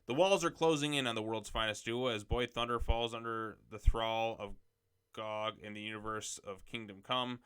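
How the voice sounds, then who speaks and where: A man hosts a laid-back commentary video, reading blurbs aloud and then adding loose, off-the-cuff remarks. His voice is bright and crisp, with a smooth, clear tone. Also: fairly low pitch, steady tone, moderate pace. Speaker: comics video host. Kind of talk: casual commentary reading comic solicitations.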